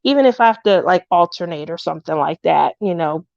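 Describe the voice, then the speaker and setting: A woman's voice: lowish voice, animated, brisk, creaky, darkish tone, no echo, dull audio. A middle-aged woman casually chatting on her craft livestream, greeting viewers by name and laughing often.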